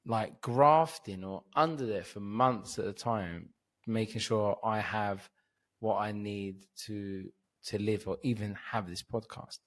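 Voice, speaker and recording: A man's voice: lowish voice, slow pace. Tipsy rambling man on a podcast. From Cyprus. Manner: rambling, tipsy, swears freely. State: drunk and sleepy. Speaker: comedian guest. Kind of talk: casual podcast chat.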